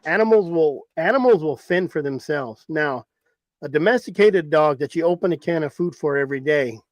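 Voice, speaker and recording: Host, male, from Arizona; rambling storyteller, a bit higher voice, dry close sound. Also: lively intonation, normal speed, dry recording. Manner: rambling, repeats himself for emphasis. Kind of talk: casual storytelling chat.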